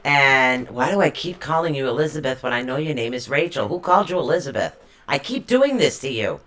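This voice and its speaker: A woman's voice: very deep voice, expressive, fairly quick, a bit bright. A woman with a Boston accent hosting a casual live stream chat, rambling and chatty, stuffy with allergies.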